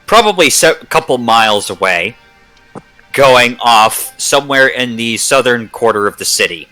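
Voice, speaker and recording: A man narrating a tabletop game as game master, speaking in a halting way with many fillers. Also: medium pitch, expressive, sharp tone, soft background music, rough recording.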